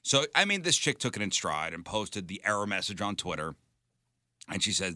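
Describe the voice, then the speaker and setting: A man with a lower, very bright and forceful voice that swings widely in pitch as he reads out funny stories on a casual radio talk show. He hits the quoted lines with a playful punch, and his close studio mic gives a dry, clipped sound with no room echo. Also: big pitch swings, moderate pace. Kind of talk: casual banter, reading out news stories.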